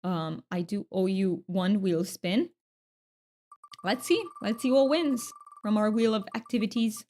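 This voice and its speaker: A woman's voice: medium pitch, unhurried, mellow. A woman chatting casually while streaming a game, laughing often and repeating her words as she goes. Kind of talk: casual live-stream chat.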